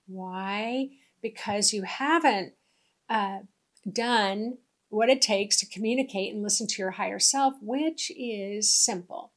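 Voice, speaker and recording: A middle-aged woman leads a spiritual lesson at a very slow, measured pace. Her tone is gentle and unhurried, and she drops into soft asides as she explains. The voice sits in a middle register. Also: medium pitch. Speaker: spiritual teacher. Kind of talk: instructional spiritual talk.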